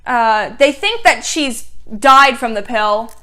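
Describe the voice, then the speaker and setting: A woman's voice: fairly high pitch, animated, slow, bright, forceful tone. A young woman giving a casual TV review, recapping scenes in a sarcastic, exasperated way with lots of "like.".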